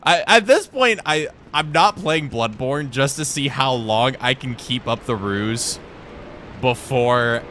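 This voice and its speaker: A man's voice: mid-range voice, lively intonation, takes it slowly, bright, forceful tone, slight background noise. A young man live-streaming a game, joking with his chat in self-deprecating banter and explaining boss tactics step by step. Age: young adult. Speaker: gaming livestreamer. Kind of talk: casual live-stream chat while playing.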